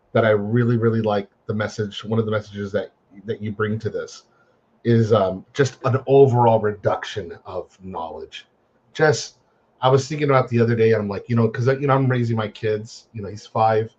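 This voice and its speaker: A man who is a parent, a guest in casual chat, speaking haltingly and repeating words while he searches for what to say. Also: lowish voice, a little mellow, breathy edge, dull audio.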